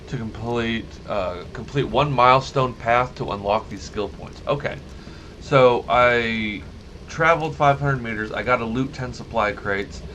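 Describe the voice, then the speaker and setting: A man giving casual let's-play commentary, rambling and correcting himself as he goes, easily amused by what happens in the game. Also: mid-range voice. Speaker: gaming YouTuber. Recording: noticeable background noise.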